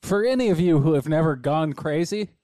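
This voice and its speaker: A man co-hosting a podcast, making wry, amused remarks in casual chat. His voice is mellow and relaxed, recorded dry and close. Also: a little high, a little fast, no room sound. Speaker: podcast co-host.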